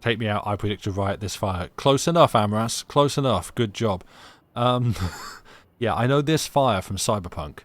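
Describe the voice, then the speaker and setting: A man's voice: on the low side, animated, normal speed, no echo. A young British man streaming a game, chatting sarcastically and reading game text aloud. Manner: sarcastic, rambling, laughs often.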